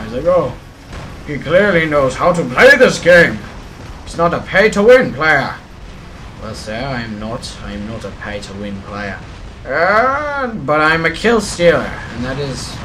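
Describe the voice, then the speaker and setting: A man's voice: a little high, a bit bright, slight background noise. A man giving playful, chatty gameplay commentary, talking to himself and to his opponents as he plays. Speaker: mobile game channel host.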